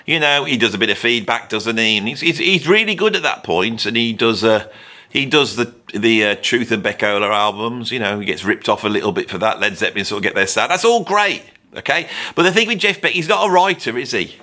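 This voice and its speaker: A middle-aged drummer hosting an opinionated ranking monologue, animated, sarcastic and rambling. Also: male voice, medium pitch, fairly quick. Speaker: drummer and video host.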